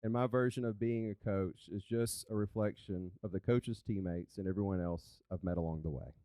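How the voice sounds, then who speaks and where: A man telling a live story on stage as a coach, animated and conversational. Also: deep voice, normal speed, clean tone, no room sound. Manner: animated, conversational, chatty with "like" fillers. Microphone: handheld microphone.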